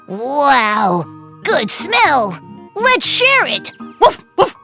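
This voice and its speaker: A woman voicing eager, hungry neighborhood dogs, excited and yappy. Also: high voice, extremely slow, vocal fry, pitched above the performer's own voice, heavily acted. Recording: faint music behind.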